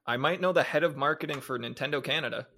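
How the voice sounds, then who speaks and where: A young man with a slightly raised voice trades banter on a podcast. He keeps his jokes dry and deadpan while cheering his co-host on. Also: on the high side, quick pace. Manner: dry, teasing quips and supportive interjections. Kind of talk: casual chat.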